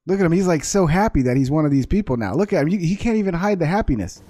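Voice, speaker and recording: A man's voice: on the high side, expressive, racing, warm tone. A man casually commenting on a video at home, laughing, swearing and mocking as he talks to his dog.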